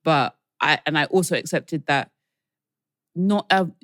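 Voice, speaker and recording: A young woman with a London accent, hosting a casual podcast chat in an animated, chatty way. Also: low voice, measured pace, no echo, studio quality. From United Kingdom. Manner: chatty, animated, laughs often. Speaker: podcast host.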